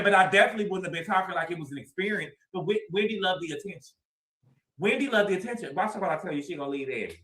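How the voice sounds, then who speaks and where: A man with a high, bright voice hosts a livestream recap, sassy and dramatic, hammering lines home by repeating them. The sound carries a roomy echo. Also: expressive, very fast. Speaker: livestream host. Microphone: streaming mic.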